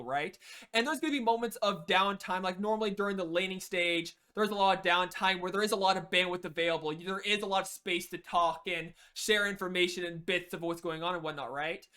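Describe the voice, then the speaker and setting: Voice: mid-range voice, sharp tone. A game coach giving a casual spoken lesson, rambling with lots of "you know" and frequent restarts.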